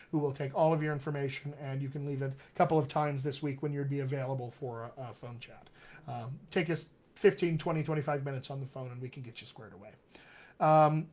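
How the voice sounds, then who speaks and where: Upbeat dialect coach, man, fairly high voice. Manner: upbeat, encouraging, talks straight to viewers. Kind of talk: live-stream Q&A, reading viewer questions.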